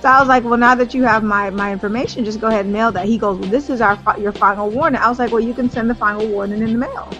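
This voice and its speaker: A woman in casual chat, telling an animated story and quoting herself and others. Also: on the high side, rapid-fire, few pauses, muffled recording, faint music behind.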